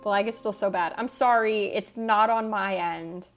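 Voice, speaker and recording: With a mid-range voice and moderate pace, a U.S. streamer from Michigan talks casually with her livestream chat, teasing herself as she goes. Soft music can be heard behind her.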